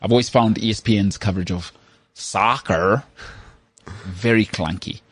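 A South African man with a husky, low voice, chatting casually on a podcast. He sounds opinionated and lively and is quick to mimic other accents. The sound is dry and close. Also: no room sound. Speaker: podcast co-host and voice artist. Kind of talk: casual chat.

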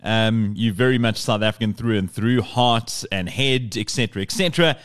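A man's voice: fairly low pitch, normal speed, smooth. A man hosting a podcast interview, speaking with many hesitations and careful questions. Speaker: podcast host.

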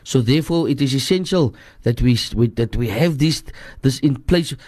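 A man's voice: medium pitch, moderate pace, a little mellow, no echo. A man with a Cape Town accent advises callers on a radio show. He speaks earnestly and repeats his points, slipping into Afrikaans. The studio sound is dry and close. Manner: earnest, repetitive, switches into Afrikaans. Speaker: radio guest scholar answering listener questions. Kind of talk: radio advice call-in.

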